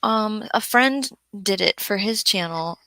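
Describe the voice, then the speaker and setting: A woman co-hosting a casual live stream, teasing her co-host with quick banter. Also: medium pitch, bright, forceful tone, dry recording, poor audio. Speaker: livestream co-host.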